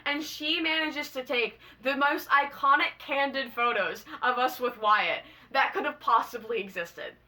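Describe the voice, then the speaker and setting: Bright-voiced, bubbly young woman. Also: sits high, measured pace, few pauses. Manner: bubbly, excitable, slangy, gushing. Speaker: vlogger. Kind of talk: casual storytime.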